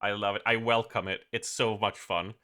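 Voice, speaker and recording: A man's voice: fairly low pitch, steady tone, moderate pace, sharp tone. A man from Sweden with a Swedish accent, chatting casually on a live gaming stream, laughing often, swearing and restarting his sentences.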